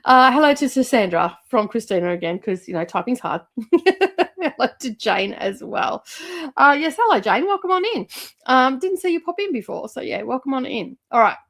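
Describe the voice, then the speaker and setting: A woman's voice: high voice, animated, moderate pace, a bit bright. Chatty woman hosting a livestream. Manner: chatty and rambling, with frequent fillers and laughs. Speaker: livestream host. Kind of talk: casual livestream chat.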